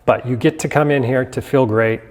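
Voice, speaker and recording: A man's voice: mid-range voice, fairly quick, darkish tone. A man, a fitness coach, co-hosting a casual gym news vlog in an upbeat, motivational and joking way. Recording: echoey hall with long reverb.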